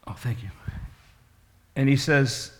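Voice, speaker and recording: A man's voice: mid-range voice, slow. A man in his sixties, a pastor telling stories in a folksy, rambling sermon. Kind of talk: storytelling sermon.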